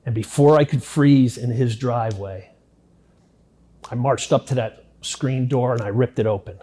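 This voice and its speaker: Middle-aged man, interview subject. Blunt, profane first-person storytelling at an average pitch, swinging between hushed and heated. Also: moderate pace. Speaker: interviewee recounting his past.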